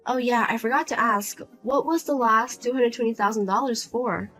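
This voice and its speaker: A woman's voice: fairly high pitch, normal speed, fairly bright tone, soft background music, pitched below the performer's own voice. A woman voicing a single adult daughter who speaks bluntly and coldly to her mother. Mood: firm, exasperated. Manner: blunt, cold, lecturing.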